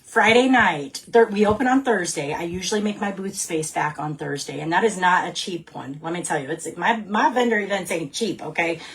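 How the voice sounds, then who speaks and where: A woman's voice: lowish voice, moderate pace, hardly any pauses, a bit bright. Upbeat chatty woman. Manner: upbeat and chatty, keeps checking in with "right?". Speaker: direct sales team leader. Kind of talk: casual training talk to her team.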